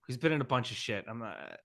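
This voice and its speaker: A man's voice: medium pitch, gravelly, a bit bright. A man co-hosting a podcast in casual chat, making snarky, profane jokes. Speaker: podcast co-host.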